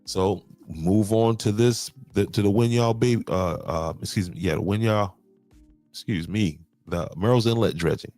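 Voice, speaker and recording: Low-voiced man explaining. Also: normal speed, a little mellow, no echo, soft background music. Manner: repeats words, restarts and says "okay" often. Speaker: podcast host. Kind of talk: explaining local county finances to viewers.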